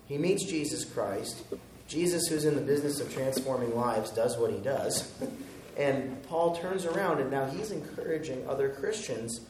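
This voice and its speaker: A man's voice: mid-range voice, normal speed, darkish tone, reverberant, recorded from a distance, slight background noise, rough recording. A man preaching a sermon as a pastor, conversational, chuckling at his own jokes.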